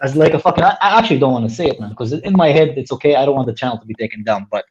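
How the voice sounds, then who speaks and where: A man's voice: medium pitch, lively intonation, racing, a little hiss or hum. A man in a casual football chat, rambling with lots of fillers and swearing, on a dull lo-fi line. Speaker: podcast co-host.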